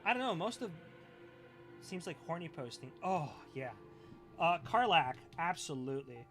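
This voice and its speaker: A man's voice: fairly high pitch, very animated, moderate pace, fairly bright tone, soft background music. A young man streaming live, reacting to clips in a profane, ranting, scoffing way.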